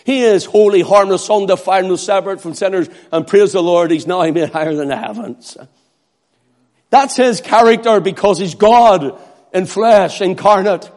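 A man's voice: high voice, moderate pace, a little mellow. A man preaching a sermon, who acts out crowd cries and pleas in a raised voice.

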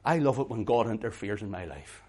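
This middle-aged man preaches in a fairly low, expressive voice at a brisk pace. He swings between hushed intimacy and loud emphasis, repeating words for effect.

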